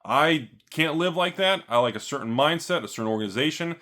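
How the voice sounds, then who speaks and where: A man's voice: a little high, animated, a little fast, bright, forceful tone. A man hosting a card-collecting vlog, ranting sarcastically with jokes and asides. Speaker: card store owner and channel host.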